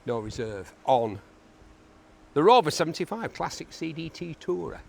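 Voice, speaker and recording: Lively man in echoey hall. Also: fairly high pitch, normal speed, gravelly. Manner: enthusiastic, jokey asides to himself. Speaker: auction presenter. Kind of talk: chatty car walkaround commentary.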